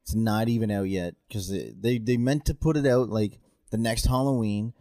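A man's voice: fairly low pitch, moderate pace, warm tone, no echo. A man, an actor, casually telling a story in chat and laughing at himself now and then. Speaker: actor, podcast co-host.

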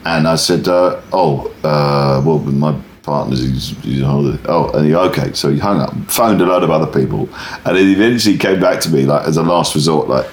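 A man's voice: rumbling low, fairly quick, echoey room. A stand-up comedian, a man, telling a rambling anecdote in an interview, often breaking off and starting his sentences again. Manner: rambling, self-interrupting, animated anecdote teller. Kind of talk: conversational interview storytelling.

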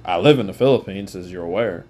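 A man's voice: low-pitched, fast talker, a little mellow. A man in his twenties delivering an angry, profane rant as a podcaster, swearing often and speaking straight to the listener. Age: 20s. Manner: heated, swears often, direct address.

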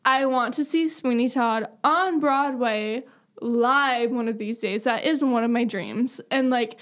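High-pitched, gushing young woman. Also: a little slow. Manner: gushing, excitable, swears casually. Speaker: podcast guest. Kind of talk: casual podcast chat.

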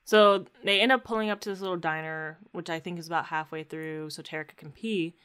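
Bright-voiced woman in casual chat. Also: lowish voice, a little fast, clean tone. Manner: animated, slangy storytelling with acted-out quotes. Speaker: podcast co-host recapping a show.

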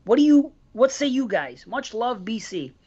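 Animated man hosting a podcast. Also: very high-pitched, moderate pace, slightly rough, dull audio. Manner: animated, reads listener mail aloud. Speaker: podcast host. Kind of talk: casual podcast chat.

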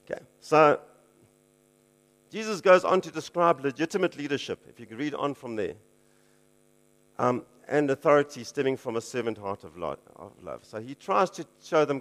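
A man's voice: mid-range voice, very animated, moderate pace, fairly bright tone. A man preaching a casual teaching sermon, conversational, with chuckling asides and frequent checks like "okay".

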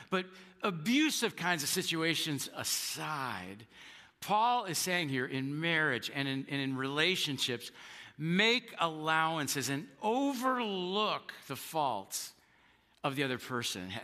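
A man preaching a sermon as pastor, earnest, stumbling over repeated words and playing out quoted spouses with sudden high outbursts. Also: lively intonation, unhurried, long reverb tail. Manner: earnest, repeats words when starting sentences; acts out quoted spouses with sharp jumps in pitch.

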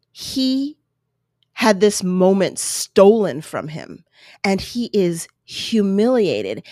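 A woman's voice: mid-range voice, darkish tone, no echo. An earnest woman talks her viewers through a clip, taking her time and swinging her voice up and down as she makes each point. She sounds emotional and a little apologetic, recorded dry and close with no room sound. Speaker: video commentator. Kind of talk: reaction commentary on a clip. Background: baby making noises.

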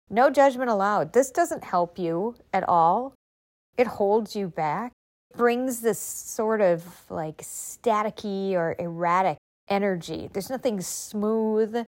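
A woman giving a motivational talk, emphatic and encouraging, often asking rhetorical questions. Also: medium pitch. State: recovering from illness.

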